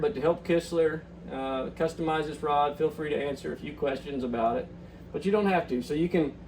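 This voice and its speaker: A man's voice: fairly high pitch, a little mellow, distant mic, slight background noise, low-quality recording. A young man hosting a fishing channel, chatting upbeat through a walkthrough with lots of ums and uhs. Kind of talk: casual screen walkthrough.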